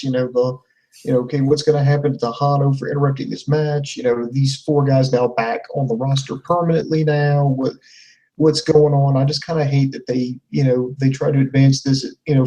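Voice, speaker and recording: A man's voice: mid-range voice, steady tone, fairly quick, warm tone, distant mic, low-quality recording. A man co-hosting a casual wrestling review podcast, rambling through his recap with many "you know"s. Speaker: podcast co-host.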